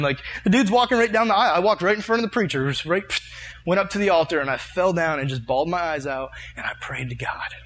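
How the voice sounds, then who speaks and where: A man preaching a sermon, telling a personal story with fervent, animated delivery and leading a prayer. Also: fairly high pitch, racing.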